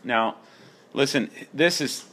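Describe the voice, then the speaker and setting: A man preaching a sermon, emphatic and animated, with rising exclamations. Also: medium pitch, takes it slowly. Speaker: pastor.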